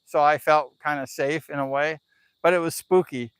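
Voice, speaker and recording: A man's voice: on the high side, steady tone, normal speed, fairly bright tone, clear, resonant tone, no room sound. A man on a live stream telling a spooky story in a casual, rambling way, full of "like" and "you know".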